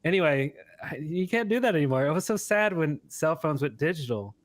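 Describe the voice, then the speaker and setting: A man co-hosts a live stream in a loose, animated way. He laughs easily and reads viewer comments aloud as he goes. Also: a little high, a little fast, no room sound. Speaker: co-host of a live show. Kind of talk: casual live-stream chat.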